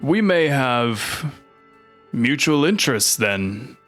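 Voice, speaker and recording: A man voicing a stern, suspicious centaur chieftain in a tabletop game, speaking slowly and formally. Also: medium pitch, sing-song, a bit bright, soft background music. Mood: wary, formal. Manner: slow, measured, formal.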